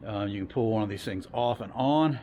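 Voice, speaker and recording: A man with a lowish voice talks fairly quickly over background noise as he installs an engine in his garage for a casual how-to video. He's a car hobbyist, loose and chatty with plenty of fillers, winded from heavy wrenching.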